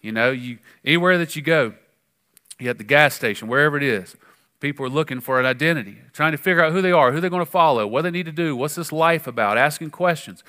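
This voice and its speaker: A man preaching a sermon as pastor, conversational and animated, with frequent fillers and sudden emphatic rises. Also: on the high side, fast talker.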